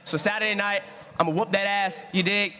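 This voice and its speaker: A man's voice: sits high, steady tone, brisk, pushed and bright, a little hiss or hum. A man, a boxer, trash talking at a press conference in a taunting, slangy way. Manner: taunting, slangy, repeats "you dig". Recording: reverberant hall with crowd.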